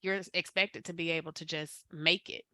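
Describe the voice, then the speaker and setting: Low, bright-toned woman speaking thoughtfully. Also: fairly even intonation, brisk, dry recording, studio quality. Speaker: panelist. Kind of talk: panel discussion.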